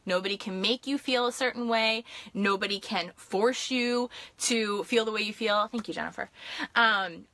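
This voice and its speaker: Hyped-up woman coach talking fast. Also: medium pitch, sharp tone, dry recording. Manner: chatty, with frequent fillers and asides to viewers. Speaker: life and business coach. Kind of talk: live-stream talk to viewers.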